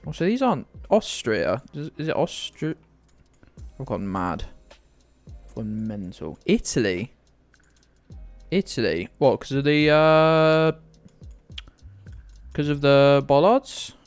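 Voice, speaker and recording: A man's voice: mid-range voice, big pitch swings, slow pace, pauses often. Rambly self-mocking uk guy streaming a game, voice bounces all over the place, bit of music behind. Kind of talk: casual live-stream commentary.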